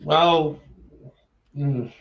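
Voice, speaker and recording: A man's voice: fairly high pitch, steady tone, extremely slow, gravelly, a bit bright, reverberant, dull audio. A man from Australia with an Australian accent, chatting casually and teasingly on a video call, often calling people dude. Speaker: participant in an online hangout. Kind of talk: casual chat.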